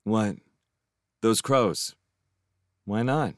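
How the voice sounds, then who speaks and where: A man voicing a grumpy, sharp-tongued teenage girl in a storybook reading, curt and sceptical. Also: lowish voice, very slow, dry recording, studio quality.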